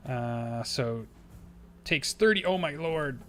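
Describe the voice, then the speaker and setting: A man narrating as game master of a tabletop game, slow and halting, with many fillers. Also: medium pitch, animated, a bit bright.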